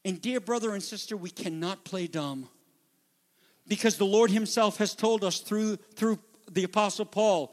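A man preaching a sermon as pastor, moving from quiet retelling to loud, urgent exhortation. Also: sits high, moderate pace, long reverb tail. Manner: dynamic preaching, drops to a hush then builds to loud exhortation.

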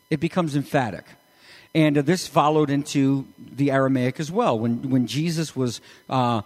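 A man preaching a sermon as pastor, animated and emphatic, with sudden rises in his voice. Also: mid-range voice, in a large hall. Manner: animated, rising to emphatic peaks.

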